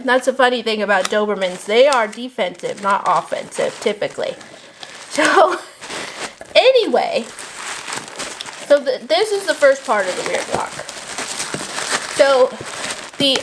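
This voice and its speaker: A woman in her thirties packing shop orders while telling rambling stories and laughing often. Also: a little high. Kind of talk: chatty vlog while packing. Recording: noticeable background noise and crinkling packaging.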